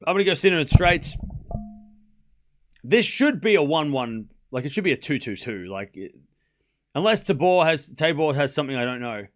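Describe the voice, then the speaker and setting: A man hosting a live tennis watchalong stream, calling each rally shot by shot and chatting with his viewers in an excitable way. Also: fairly high pitch, moderate pace, long pauses, faint music behind. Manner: excitable, calls rallies shot by shot and talks to chat. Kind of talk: live play-by-play commentary and chat.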